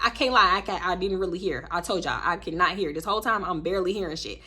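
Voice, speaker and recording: A woman's voice: fairly low pitch, quick pace, hardly any pauses, bright, forceful tone, husky. A young woman in her twenties with a Houston Black American accent, telling a dramatic storytime on her vlog, acting out quoted voices and swearing freely. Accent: African American Vernacular English, Houston. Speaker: storytime vlogger.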